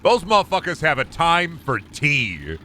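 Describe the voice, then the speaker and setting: A man's voice: a little high, wildly swooping pitch, measured pace, sharp tone, a little hiss or hum. A young man from the United States, rambling and cursing in jokey asides while streaming a video game. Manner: rambling, profane, joking asides. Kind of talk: casual gaming commentary.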